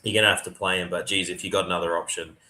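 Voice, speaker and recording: A low-voiced man hosts a relaxed podcast chat. His delivery is forceful and bright. He breaks down the analysis in a matey, easygoing way. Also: very fast. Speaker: podcast host. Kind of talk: casual sports podcast chat.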